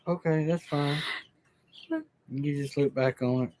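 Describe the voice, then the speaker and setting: A man making relaxed side remarks during a home livestream. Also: on the high side, takes it slowly. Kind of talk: casual chat.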